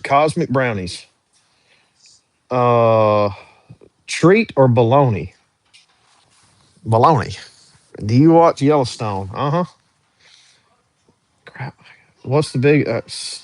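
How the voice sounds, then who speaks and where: A young man runs a casual livestream, reading his viewers' questions aloud and answering each one in an easygoing, drawling way. His voice sits at an ordinary pitch for a man. The sound is dry and close, with no room echo. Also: animated, measured pace, pauses often. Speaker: livestream host answering chat.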